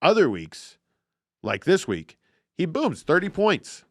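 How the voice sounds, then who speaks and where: Man, podcast host, casual sports chat, excitable and profane, lively pitch, dry close sound. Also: slow, no room sound.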